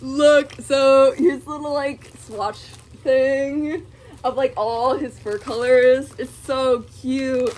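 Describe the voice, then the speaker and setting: A woman's voice: sits high, steady tone, takes it slowly, darkish tone. A young woman vlogging casually, giggling and gushing with many fillers as she unboxes something.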